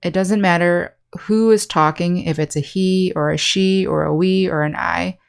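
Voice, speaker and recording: Woman teaching an English lesson clearly. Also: on the low side, steady tone. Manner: clear, slow, teacherly explanation with example sentences. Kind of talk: scripted online lesson.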